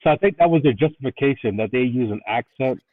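A man's voice: mid-range voice, animated, quick pace. A man co-hosting a casual movie review podcast, easygoing and thinking aloud as he talks. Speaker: podcast co-host. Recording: tinny phone-like line.

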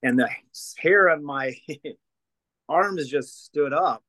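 A man, a guest in a conversation, telling a personal story in a lively way and acting out the dialogue of the people in it. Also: fairly high pitch, very slow, no room sound, poor audio. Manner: lively storyteller who acts out quoted dialogue. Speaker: guest, deliverance minister and former counselor. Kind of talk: storytelling testimony in casual conversation.

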